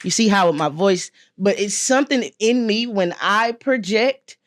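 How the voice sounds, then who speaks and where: A woman with a Southern accent, a spoken word poet talking as a guest in a casual, lively and expressive way, laughing often. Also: medium pitch, normal speed. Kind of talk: casual podcast conversation.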